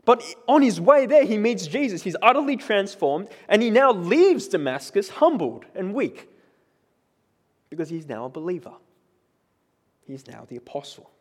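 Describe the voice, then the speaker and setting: A man preaching a sermon in a conversational, animated way, often checking in with the congregation with questions. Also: sits high, normal speed, husky, big-room sound. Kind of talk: expository sermon.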